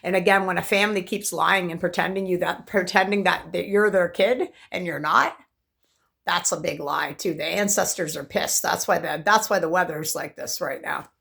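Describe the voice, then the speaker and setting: A woman's voice: on the low side, normal speed, vocal fry, fairly bright tone. A woman talks to camera in a long, rambling monologue, intense and swearing freely as she jumps from topic to topic. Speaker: vlogger.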